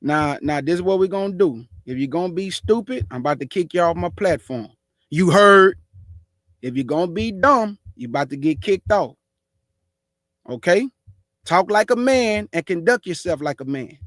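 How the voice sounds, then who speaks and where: A man with a Houston, Texas accent hosting a religious talk show, speaking with forceful passion and aggression. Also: high-pitched, lively intonation, moderate pace, no room sound, studio quality. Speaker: show host.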